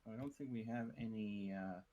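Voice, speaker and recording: A man's voice: lowish voice, moderate pace, mellow, muffled recording, a little hiss or hum. A man hosting a multiplayer game session, instructing his teammates on what to build. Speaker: host organizing the team.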